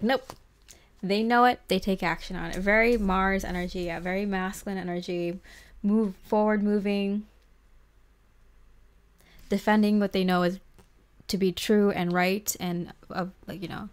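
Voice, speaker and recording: A woman's voice: medium pitch, steady tone, measured pace, long pauses, smooth. A woman giving a casual pick-a-card tarot reading, chatty and giggly, filling her talk with "like". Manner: chatty and giggly, heavy use of "like". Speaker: tarot reader.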